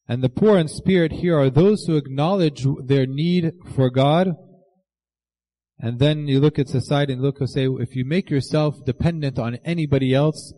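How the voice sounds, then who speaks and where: A man preaching a sermon to his congregation, earnest, slowing down to quote scripture and the saints. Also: mid-range voice, warm tone, poor audio.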